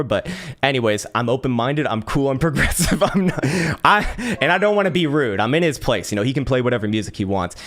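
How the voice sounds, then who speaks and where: A man from San Francisco hosts his channel and tells a personal story in a relaxed, casual way. He swears freely, stumbles into repeated words and breaks into laughter often. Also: medium pitch, fairly quick. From San Francisco, USA.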